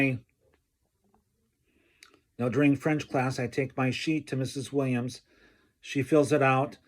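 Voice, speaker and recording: A man telling a personal story from his school days, slow and halting, often clearing his throat. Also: medium pitch. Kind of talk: personal anecdote told slowly.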